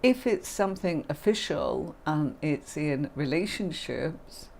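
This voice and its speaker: A woman's voice: deep voice, animated, takes it slowly, gravelly, darkish tone, slight background noise. A middle-aged woman, hosting a livestream and teaching tarot in a chatty, affectionate way. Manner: chatty and affectionate, calls viewers darling and my lovely. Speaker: tarot reader and livestream host.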